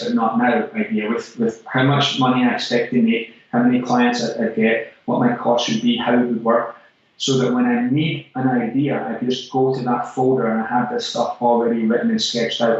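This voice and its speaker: A Scottish man and regular segment host giving an emphatic motivational monologue about fitness business, repeating key phrases for punch. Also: medium pitch. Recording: very echoey, distant, dull-sounding room.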